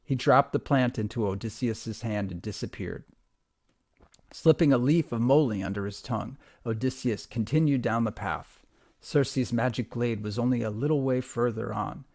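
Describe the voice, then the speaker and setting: A man, a teacher, reading a retold myth aloud to a class in an expressive, steady storytelling voice. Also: medium pitch, moderate pace, dry recording.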